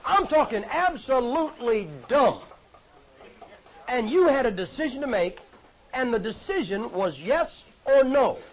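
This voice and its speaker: A preacher gives a sermon in a folksy, joking, conversational way. His voice is very high for a man, and the recording sounds dull and lo-fi.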